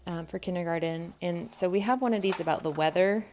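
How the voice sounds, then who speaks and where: Her voice sits on the low side with a darkish tone, and she talks fairly quickly over a slight hiss or hum. She's a homeschool vlogger in her thirties, narrating an unboxing at home by a table, thinking aloud with frequent ums into a tripod-mounted camera mic.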